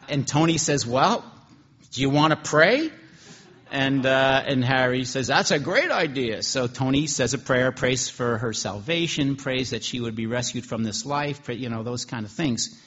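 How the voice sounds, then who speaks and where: A man's voice: mid-range voice, fairly even intonation, unhurried, a bit bright, muffled recording. A man preaching a sermon, telling a story in a conversational way with frequent restarts.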